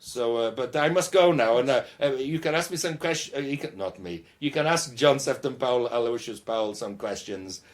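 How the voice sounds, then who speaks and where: A man's voice: medium pitch, brisk, few pauses, voice pushed up, close to an everyday voice. A man voicing a jolly, boastful German party bandleader with a put-on German accent, mock-pompous and teasing.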